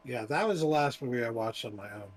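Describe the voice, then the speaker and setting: A man co-hosting a casual movie chat show, talking enthusiastically, swearing freely and pausing often on fillers. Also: medium pitch, lively intonation. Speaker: podcast co-host.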